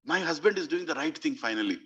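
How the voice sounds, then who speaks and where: A man's voice: on the high side, expressive, fast talker, sharp tone, slightly rough, dull audio, full character voice. A man voicing a cheerful, devoted queen in a spoken retelling. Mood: cheerful, dismissive.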